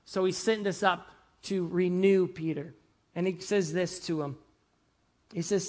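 A man's voice: high-pitched, fairly even intonation, moderate pace. Man preaching a conversational sermon. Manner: conversational, asks the congregation "right?" and "amen?"; swings between loud emphasis and soft, hushed lines. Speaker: pastor.

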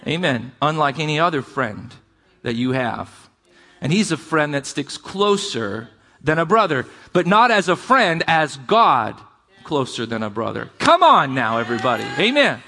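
A man's voice: a little high, bright, forceful tone. A man preaching a sermon as pastor, talking conversationally and calling out to his congregation. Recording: long reverb of a large hall.

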